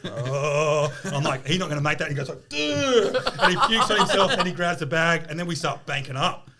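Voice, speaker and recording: Aussie guy yarning fast on a podcast, laughs a lot, swears. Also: fairly high pitch, crowd noise. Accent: Australian. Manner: animated storyteller, laughs and swears. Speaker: podcast co-host. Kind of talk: casual chat.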